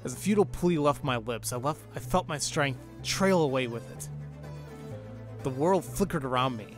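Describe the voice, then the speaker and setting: Male let's player, mid-pitched, reads and reacts loudly, light music bed. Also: moderate pace. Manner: excitable, swears and exclaims at the game. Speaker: let's play host. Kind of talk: reading a visual novel aloud with commentary.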